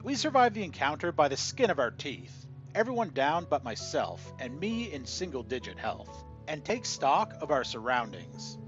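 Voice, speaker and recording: A man narrating a scripted tabletop gaming story in an animated storytelling manner. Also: on the high side. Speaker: channel narrator. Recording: dull lo-fi audio with faint music.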